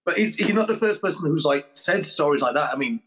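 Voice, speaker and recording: Chill husky guy hosting a podcast, loose and slangy. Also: fairly high pitch, expressive, fast talker, a bit bright. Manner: laid-back, slangy, loose. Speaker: podcast host. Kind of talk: casual chat.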